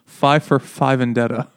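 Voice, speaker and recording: A man with a smooth, mid-range voice co-hosts a podcast in casual conversation. He rambles and jokes, using plenty of fillers and laughing often.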